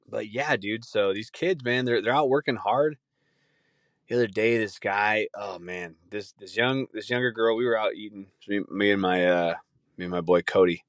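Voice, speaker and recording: A man's voice: fairly low pitch, normal speed, no echo, clean studio sound. A young man casually telling rambling stories on a podcast, swearing often and mimicking the people in them. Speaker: podcast host. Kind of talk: casual storytelling chat.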